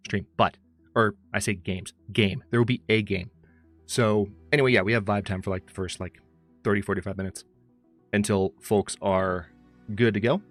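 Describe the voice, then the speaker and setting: Man, low voice, rambling stream host, casual chat, faint music underneath. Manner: rambling, chatty, greets chat by name. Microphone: close studio mic.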